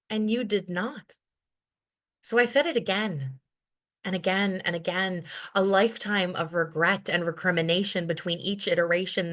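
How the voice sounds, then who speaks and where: A woman's voice: mid-range voice, fairly bright tone. A woman performing her spoken-word poetry as the featured poet at an open mic, in a rhythmic, rhyming, intense delivery. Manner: wry, self-deprecating asides between poems.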